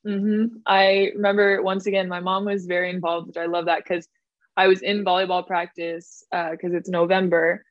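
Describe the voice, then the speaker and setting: Lively young woman, lo-fi audio. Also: on the low side, normal speed, no echo. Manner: lively, laughs often, acts out quotes in her stories. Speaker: guest, former pro volleyball player. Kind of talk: casual podcast storytelling. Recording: dull lo-fi dry podcast audio.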